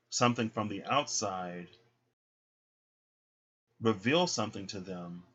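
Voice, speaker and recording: A man's voice: fairly low pitch, a bit bright, muffled recording. A man giving a casual, chatty tarot reading, full of fillers and acted-out quotes. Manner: chatty, filler-heavy, acts out voices in quotes. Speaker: tarot reader.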